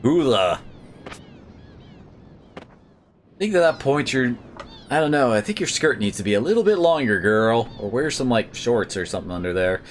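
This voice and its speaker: A man's voice: mid-range voice, sing-song, moderate pace, long pauses, slight background noise. A man giving offhand, joking commentary while streaming a game. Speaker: gaming streamer. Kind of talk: casual let's-play commentary.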